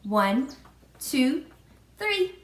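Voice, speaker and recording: A woman preschool teacher, pitched a little high, talks very slowly to small children, drawing out each letter in a sing-song lilt. She is recorded in an echoey room. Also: big pitch swings. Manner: slow, sing-song prompting with spelled-out letters. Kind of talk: children's virtual lesson.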